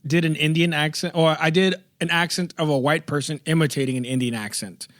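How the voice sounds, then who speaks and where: A man's voice: a little high, steady tone, fairly quick, fairly bright tone, no room sound, clean studio sound. A man co-hosting a podcast, casually telling a personal story. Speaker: podcast co-host. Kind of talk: casual chat, personal anecdote.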